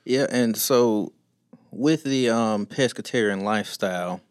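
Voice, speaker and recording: Laid-back guy interviewer, lowish voice, dry close sound. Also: measured pace, smooth, no room sound. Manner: easygoing, hesitant fillers. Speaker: interviewer host. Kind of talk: casual interview.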